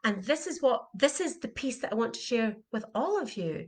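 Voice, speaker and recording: A woman's voice: on the high side, sing-song, normal speed, hardly any pauses. A middle-aged woman, an animal communication coach, giving an earnest, heartfelt motivational talk and repeating her questions for emphasis.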